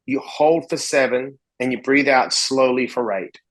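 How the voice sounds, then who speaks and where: A man, a podcast guest telling stories in a casual, animated way and acting out both sides of the dialogue. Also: medium pitch, unhurried, poor audio. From Australia. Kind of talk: casual storytelling in a podcast interview.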